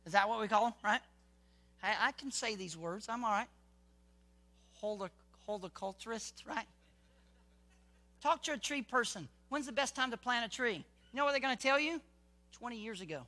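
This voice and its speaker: A man preaching with a high, bright, tense voice. He talks to the congregation in a casual way and keeps asking rhetorical questions. He swings between quiet, intimate talk and loud, fervent exhortation. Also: normal speed, pauses often. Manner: conversational, full of rhetorical questions. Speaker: pastor. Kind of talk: sermon.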